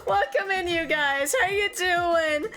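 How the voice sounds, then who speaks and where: On a live stream, a young Frenchwoman with a French accent talks casually as an artist, calling out her chat members by name, full of energy and cursing without restraint. She speaks slowly in a very high voice.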